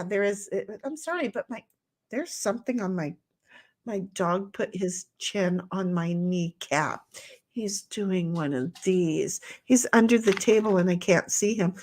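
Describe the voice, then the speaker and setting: A middle-aged woman hosting a livestream from home, chatting casually and rambling while reading chat aloud. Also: mid-range voice. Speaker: livestream host.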